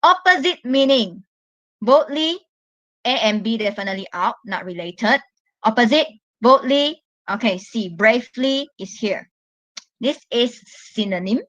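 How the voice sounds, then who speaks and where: A woman from Malaysia giving an online English lesson, explaining step by step in a slow, patient way and stressing the key words. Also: fairly high pitch, a bit bright, no room sound, dull audio. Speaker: English teacher.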